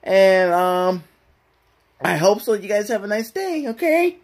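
A man voicing a jittery, scared male cartoon slacker with a high, nasal drawl. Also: sing-song, measured pace, heavily acted. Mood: whiny.

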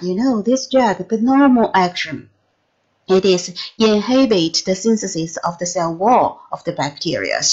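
Slow, halting woman lecturing. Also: lowish voice, husky, highs cut off. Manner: halting, many restarts and fillers, non-native phrasing. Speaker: pharmacology lecturer. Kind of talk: recorded lecture.

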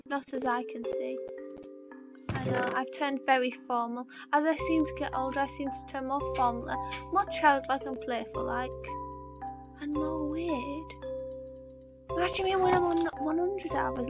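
A woman's voice: sits high, steady tone, normal speed, over loud music. A British woman chatting casually over gameplay, playful and rambling, with silly asides. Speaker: gaming vlogger.

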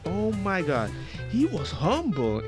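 High, animated excitable male gamer. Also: slow, over music. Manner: excitable, jokey and enthusiastic. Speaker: video creator. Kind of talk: gameplay commentary.

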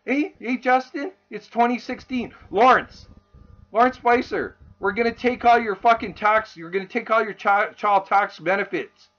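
A man's voice: sits high, animated, brisk, a bit bright. A man mocking a smug sing-song prime minister. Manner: sneering sing-song mockery. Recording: dull lo-fi recording.

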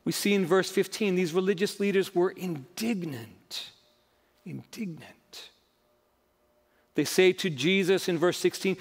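Male pastor, fairly high voice, emphatic sermon delivery, echoey church sound. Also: measured pace, breathy edge. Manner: emphatic preaching, rising and falling dramatically. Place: church sanctuary.

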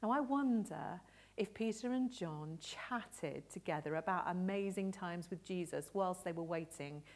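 A woman telling a Bible story gently and expressively for an all-age church service. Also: on the high side. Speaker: children's storyteller.

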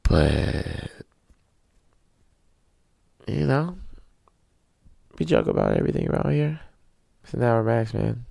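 Man, dark mellow tone, dry close sound, crude joking podcast rant. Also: medium pitch, big pitch swings, takes it slowly, gravelly, pauses often, dry recording. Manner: crude, joking, self-mocking, restless delivery. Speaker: podcast host. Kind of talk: rambling solo podcast rant.

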